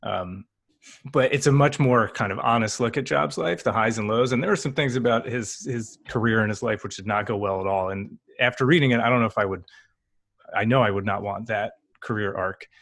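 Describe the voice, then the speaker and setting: A man hosting a podcast from his home office, chatty and jokey with quick asides. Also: fairly low pitch, creaky, fairly bright tone, dry recording, studio quality. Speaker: podcast host. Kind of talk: casual podcast conversation.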